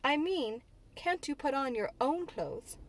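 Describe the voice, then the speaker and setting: A woman's voice: high-pitched, expressive, a little slow, dry recording, voice pushed up. A woman voicing a young, chatty, good-natured housemaid with a broad Yorkshire accent. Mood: blunt. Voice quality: broad dialect, homely and frank.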